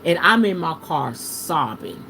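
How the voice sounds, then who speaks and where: An animated woman leads a live tarot reading like a casual sermon. Her pitch swings from low and hushed to high and loud, and she drops salty curse words. A light hiss sits under the recording. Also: measured pace, creaky. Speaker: tarot reader hosting a livestream.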